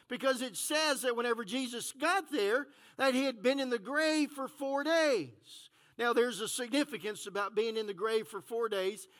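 A male pastor preaching a sermon, talking through Scripture in a conversational way and rising to shouted fervor. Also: extremely high pitch.

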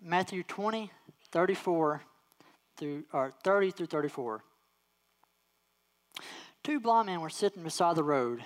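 A preacher delivering a sermon, repeating key lines and slowing down on emphatic words. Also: medium pitch, animated. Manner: repeats key phrases for emphasis and acts out quoted voices.

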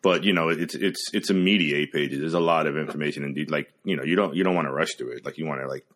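A man co-hosting a casual podcast about a short story, hoarse from a cold, talking in a relaxed, hesitant way with frequent ums. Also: extremely low pitch, quick pace. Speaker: podcast co-host. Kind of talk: casual book discussion.

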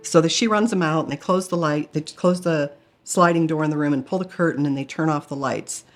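A woman's voice: low-pitched, brisk, soft background music. A middle-aged woman candidly telling a personal story in a testimony style, earnest with flashes of self-mocking humor. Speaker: guest telling a near-death experience.

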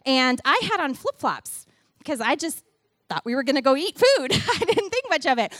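Woman preaching a kids' lesson, high voice bouncing all over, dry close sound. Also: normal speed, no room sound. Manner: animated, playful, talks to kids and congregation. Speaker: church speaker giving a children's message. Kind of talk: sermon with a children's object lesson.

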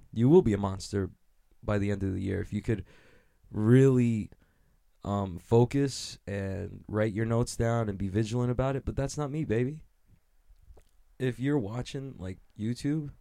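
A man with a fairly low, mellow voice rambles through a loose podcast monologue. He swears constantly and pokes fun at himself in an easy, unfiltered way. The audio is poor, recorded in his own messy room. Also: vocal fry. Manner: profane, rambling, self-mocking. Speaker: podcast host.

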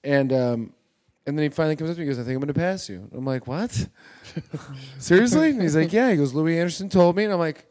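Stand-up comic, male, slightly high voice, lively storyteller who punches up quotes. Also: racing, few pauses. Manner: animated storytelling, acts out quotes loudly. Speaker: stand-up comedian. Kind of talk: casual podcast chat.

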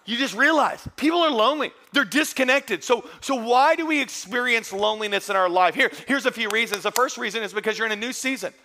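A male pastor delivers a sermon to his congregation in a church service. His voice sits high for a man and sounds bright and forward. He preaches earnestly and conversationally, often restarting and repeating words as he goes. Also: fast talker, creaky, hardly any pauses, slight background noise.

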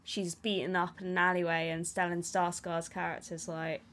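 A woman co-hosting a film review podcast, talking in a chatty, animated way with many fillers. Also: lowish voice, moderate pace. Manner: chatty and animated, frequent "like" and laughs. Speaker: podcast co-host. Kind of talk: casual film review chat.

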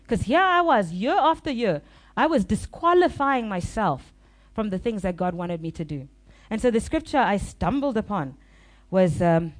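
A woman pastor preaching a sermon, telling a confessional story in an animated, laughing way. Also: medium pitch.

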